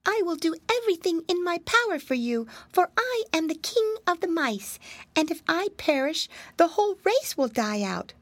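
A woman reading a storybook aloud, voicing a small male mouse king who pleads for his life in a high, squeaky voice. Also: big pitch swings, normal speed, no room sound. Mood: pleading.

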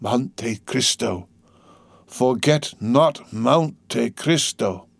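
A man's voice: mid-range voice, normal speed, a little mellow, no room sound, lightly acted. A man voicing a frail, dying old priest who speaks faintly and at times in a whisper. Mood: fading.

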